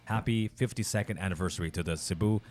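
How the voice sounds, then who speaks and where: A man with a Filipino accent hosting a casual radio talk show, speaking haltingly with many fillers and restarts. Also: on the low side, darkish tone, soft background music.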